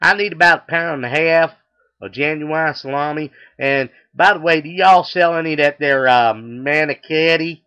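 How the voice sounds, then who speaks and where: A man's voice: a little high, normal speed, pushed and bright, clear, resonant tone, pitched above the performer's own voice. A man putting on the voice of a stubborn, blustery Texan customer with a Southern drawl. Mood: blustery insistent. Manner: insistent, folksy drawl.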